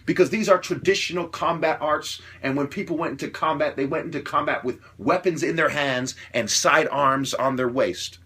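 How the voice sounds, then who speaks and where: A man delivering an opinionated monologue, lecturing with repeated rhetorical questions and swearing, growing louder and higher as he gets worked up. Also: normal speed, hardly any pauses, husky. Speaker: self-styled martial artist ranting to camera.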